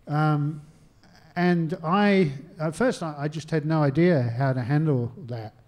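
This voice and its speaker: An Australian man with a mellow, darker voice, telling anecdotes about his research in a relaxed conversational way. He slips into little acted-out phone calls and pokes gentle fun at himself. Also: fairly high pitch, unhurried. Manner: anecdotal, self-deprecating, acts out phone calls. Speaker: historian and author. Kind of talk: conversational interview answers. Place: stage talk at a literary venue.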